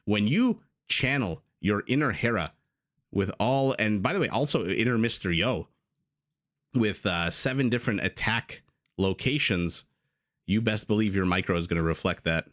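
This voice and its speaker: A man's voice: fairly low pitch, lively intonation, normal speed, a bit bright. A man casting a live strategy game match, chatty and prone to rambling tangents with frequent laughs. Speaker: game caster. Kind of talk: live esports commentary.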